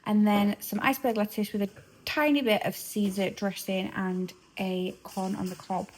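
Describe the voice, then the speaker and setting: A woman in her thirties chats to a handheld camera in a casual, confessional way. Her voice sits mid-range and shifts between bubbly chatter and a hushed near-whisper. A faint hiss sits behind her. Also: medium pitch, fairly even intonation, normal speed. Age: 30s. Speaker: vlogger. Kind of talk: casual diary vlog.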